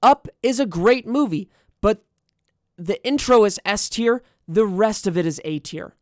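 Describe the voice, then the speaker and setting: A man's voice: high voice, measured pace, darkish tone, no echo, clean studio sound. A young man streaming and chatting casually, sarcastic and profane as he riffs on what he reads. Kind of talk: casual livestream commentary.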